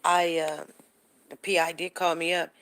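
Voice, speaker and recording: A woman's voice: fairly low pitch, level tone, normal speed, fairly bright tone, a little hiss or hum. A woman hosting a show, talking casually with a caller and repeating her points with emphasis. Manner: emphatic, repeats herself, quotes others. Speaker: show host. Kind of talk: casual talk with a phone caller.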